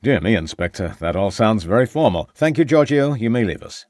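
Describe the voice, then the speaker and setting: A self-assured American doctor , read by a man, who speaks in a slow, formal drawl. His deep voice rises and falls freely, and he never sounds rattled. It is a crime audiobook read in a dry room. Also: very animated, darkish tone, dry recording.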